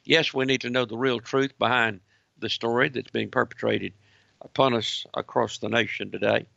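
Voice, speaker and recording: A man giving an emphatic political commentary broadcast, hammering points through repetition and reading articles aloud in a gravelly voice. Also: mid-range voice, steady tone, moderate pace, pushed and bright, no room sound, muffled recording.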